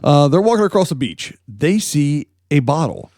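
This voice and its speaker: A man's voice: fairly high pitch, sing-song, moderate pace, darkish tone, dry recording, clean studio sound. A man co-hosting a comedy news podcast, telling stories in a rambling, joking way. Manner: joking, rambling storytelling with laughs. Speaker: podcast co-host. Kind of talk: casual comedic news chat.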